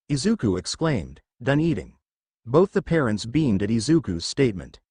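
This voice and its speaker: Dude narrating fan fiction, plain storytelling, lively pitch, super dry sound. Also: male voice, normal speed, breathy edge, no echo.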